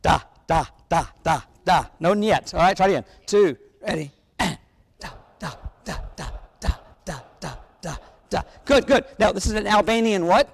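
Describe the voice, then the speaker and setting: A man with a high-sitting voice, lively intonation, vocal fry and a breathy edge speaks at a moderate pace. He's conducting a wind band rehearsal in a large hall with long reverb, coaching energetically and singing rhythms on syllables.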